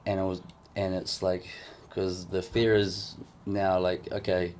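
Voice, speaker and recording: Kiwi guy on a podcast, lowish voice, rambles a lot, swears casually. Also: monotone, unhurried, a little mellow, slight background noise. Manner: rambling, filler-heavy storytelling. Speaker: podcast co-host.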